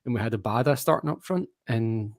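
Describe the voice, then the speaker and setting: Excitable Australian man on a video call. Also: medium pitch, a little fast, no echo, studio quality. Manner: enthusiastic, rambling, self-correcting. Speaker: football fan panelist. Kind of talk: casual fan podcast chat.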